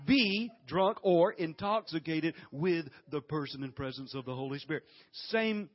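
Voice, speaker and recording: A middle-aged man preaching a sermon as a guest preacher, folksy and animated, breaking into loud laughter. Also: fairly high pitch, measured pace, hardly any pauses, lo-fi sound.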